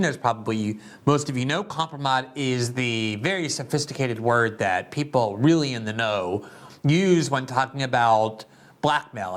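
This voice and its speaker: A man with a medium-pitched, slightly bright voice hosts a political show. He delivers sarcastic, mocking commentary before interviewing a guest.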